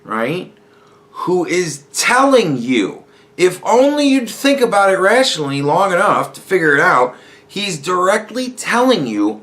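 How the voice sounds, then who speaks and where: A man's voice: high-pitched, very animated, measured pace, fairly bright tone. Profane, sarcastic man ranting. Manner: profane, sarcastic, mocking impressions. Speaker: podcast host. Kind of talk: casual political rant.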